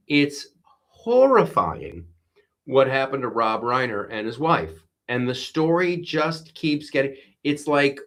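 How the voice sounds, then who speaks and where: Male livestream host, mid-pitched, slow delivery, rambling and emphatic casual commentary. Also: a bit bright. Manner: rambling, emphatic, reads viewer comments aloud.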